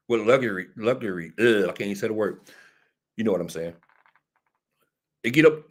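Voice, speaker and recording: Medium in pitch and fairly bright in tone, this man hosts a casual political commentary show for a live audience. He fields viewer comments and stays emphatic and repetitive, preaching as if from a pulpit.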